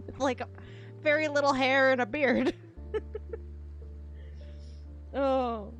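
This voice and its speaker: A woman on a gameplay stream tells a family story in a loose, rambling way and laughs often. Her voice sits a bit high. Game music plays faintly behind her.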